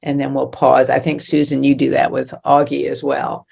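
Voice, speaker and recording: A woman dog trainer with a low, gravelly voice talks in a relaxed, thoughtful way. She pauses on fillers as she explains her approach. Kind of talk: casual webinar chat.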